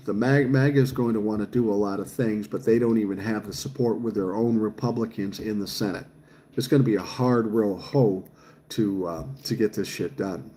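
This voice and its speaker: This Minnesota livestream host, a man in his sixties, has a lowish, dark voice and a moderate pace, with slight background noise. He chats casually, reads the viewer comments aloud and swears freely.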